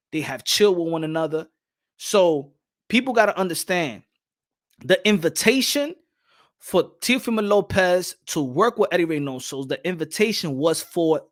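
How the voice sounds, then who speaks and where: A man co-hosting a boxing podcast, talking in an animated, emphatic way and repeating himself. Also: sits high. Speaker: podcast co-host. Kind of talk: casual boxing podcast chat.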